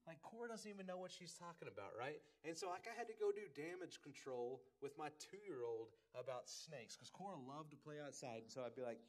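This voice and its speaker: A pastor in his thirties gives a relaxed, conversational sermon. His voice sits a touch higher than most men's, and he talks in a folksy, joking manner. He often repeats words as he goes. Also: fairly quick, hardly any pauses.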